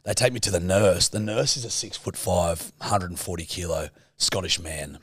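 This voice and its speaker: A man's voice: low voice, normal speed, breathy edge, no echo. A young Australian man co-hosting a podcast, telling rambling stories in casual chat, crude and swearing freely. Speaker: podcast co-host.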